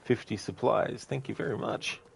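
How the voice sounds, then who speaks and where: A man's voice: medium pitch, moderate pace, creaky, slight background noise. A man streaming a video game, answering chat in a chatty, rambling way with fillers. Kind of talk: casual gaming commentary.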